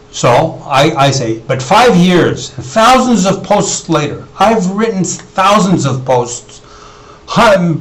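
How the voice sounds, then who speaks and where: Man, solo video monologue, rambling, restarts often, animated voice. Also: on the high side, poor audio. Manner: rambling, repetitive, with frequent restarts. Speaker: video blogger. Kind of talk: unscripted monologue to camera.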